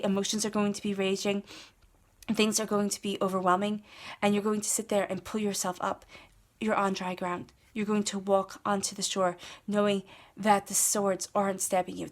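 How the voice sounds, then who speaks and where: A woman giving a casual tarot reading, talking straight to the listener in an encouraging way and repeating her phrases. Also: mid-range voice. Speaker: tarot reader.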